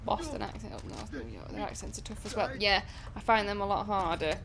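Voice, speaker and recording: A woman's voice: medium pitch, gravelly, crowd noise. Chatty northern English woman streamer. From England. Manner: chatty, rambling, quick to laugh. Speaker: gaming streamer. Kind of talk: casual chat while playing.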